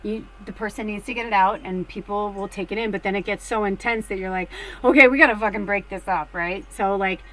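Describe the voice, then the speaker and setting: A middle-aged woman reading tarot cards in a casual, rambling chat, full of fillers, swinging between hushed and excited. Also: mid-range voice, a little fast, hardly any pauses, poor audio. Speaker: tarot card reader.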